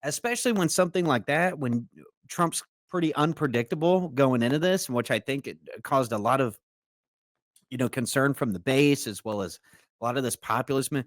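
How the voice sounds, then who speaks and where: A man's voice: mid-range voice, expressive, normal speed, no room sound. Man, podcast co-host, political commentary, news read-aloud with asides, dry close mic. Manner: casual, reads news excerpts aloud, breaks into asides.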